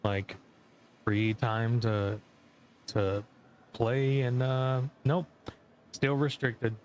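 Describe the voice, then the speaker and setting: A man's voice: medium pitch, little pitch movement, extremely slow. A man chatting casually with friends during a game, telling rambling stories full of fillers. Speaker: gaming friend. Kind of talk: casual gaming chat.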